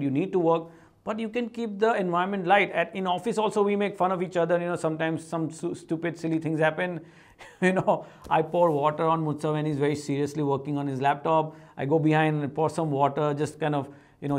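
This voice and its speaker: Talking straight to the camera, a middle-aged man with an Indian English accent and high voice offers casual motivational talk for his vlog. His delivery is lively, punctuated by playful voices mimicking his family and coworkers.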